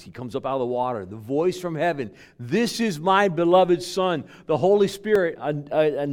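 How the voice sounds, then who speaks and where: A pastor with a fairly high-pitched voice preaches a sermon, telling stories with restarts and repeated words. He drops from loud emphasis down to hushed near-whispers.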